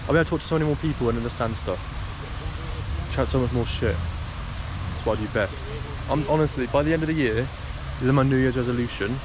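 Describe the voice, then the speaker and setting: A man's voice: medium pitch, brisk. Rambling young man vlogging outdoors. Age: young adult. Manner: rambling, chatty, self-mocking. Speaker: travel vlogger. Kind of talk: casual travel vlog. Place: outdoors around a town and driving a car. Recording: noisy outdoor camera audio. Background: street ambience and vehicle noise.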